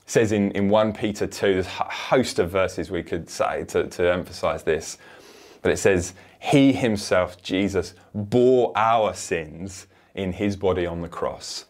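Male preacher, lower pitch, earnest, emphatic sermon delivery. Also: a little slow.

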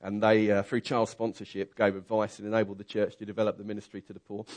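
Preacher, lowish voice, vivid storytelling. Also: male voice, fast talker. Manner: storytelling, swings from quiet asides to loud excited bursts. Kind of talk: conversational sermon.

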